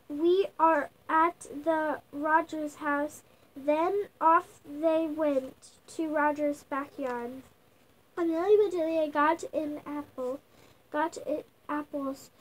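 A woman's voice: sits high, steady tone, takes it slowly, poor audio. A young girl reading a picture book aloud at home, sounding out words with restarts. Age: child. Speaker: young reader.

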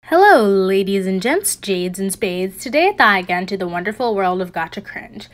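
A woman's voice: medium pitch, animated, moderate pace. A young woman at home hosting a reaction commentary video. She rants in exasperation and laughs often. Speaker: commentary channel host. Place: at home with family over.

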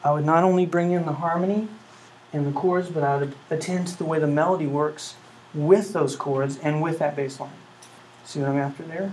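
A man lectures a music class in an earnest, questioning way, now and then humming the melody he means. His middle-pitched voice is picked up by a room mic in a classroom, with a faint hiss under it. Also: steady tone, normal speed, a little mellow, low-quality recording. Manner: earnest, asks rhetorical questions, hums melodies. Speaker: music professor.

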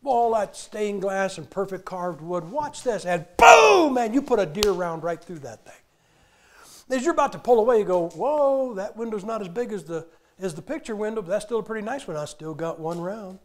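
A man preaching with a fairly high voice. He tells stories animatedly, acting out other people's lines and bursting into sudden shouts. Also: normal speed, slight background noise. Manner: animated storytelling, acting out quotes with sudden loud outbursts. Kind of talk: sermon.

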